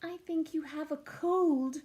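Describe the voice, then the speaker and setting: A woman voicing a calm cat doctor in a storybook reading, speaking gently and soothingly. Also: sits high, a little slow. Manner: gentle, soothing, slightly meowing. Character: calm cartoonish cat doctor, soft-spoken. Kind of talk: storybook read-aloud.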